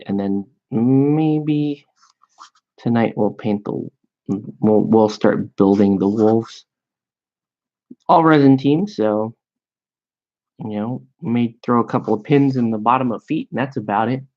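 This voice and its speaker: A man chatting casually and rambling with amusement as he paints miniatures at his hobby desk. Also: medium pitch. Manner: slow, rambling, self-amused. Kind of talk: casual chat while painting. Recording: dull lo-fi sound.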